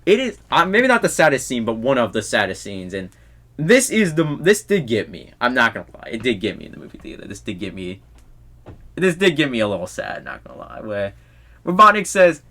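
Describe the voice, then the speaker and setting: A young man hosting a podcast, chatting casually about a movie he saw, excitable and quick to laugh. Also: medium pitch. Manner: excitable, laughs often, acts out movie lines. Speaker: podcast host. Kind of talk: casual movie review chat.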